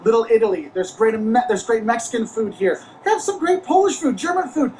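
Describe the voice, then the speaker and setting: A man with a notably high voice lays out travel tips in a measured, explanatory way. A faint room ambience sits underneath. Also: expressive, a little mellow, a little hiss or hum, low-quality recording. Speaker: co-host. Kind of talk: casual travel chat.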